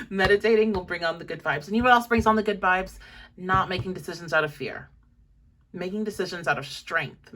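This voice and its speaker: A woman's voice: lowish voice, a bit bright. Chatty woman reading tarot, slightly distant. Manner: chatty, encouraging, rambling with fillers. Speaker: tarot reader. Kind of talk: pick-a-card tarot reading.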